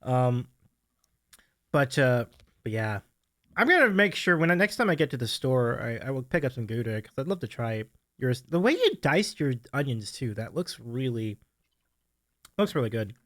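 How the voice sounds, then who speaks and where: A man's voice: mid-range voice, sing-song, moderate pace, a bit bright, no echo. A man hosting a casual live stream who laughs often and thanks viewers by name. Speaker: stream host.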